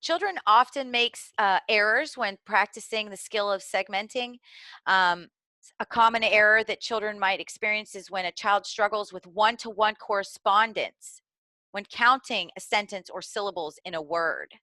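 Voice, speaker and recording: A middle-aged Southern American woman explains early literacy skills to teachers, earnest and instructional, with the occasional filler or restart. Her mid-range voice moves at a moderate pace with a sharp tone and no echo.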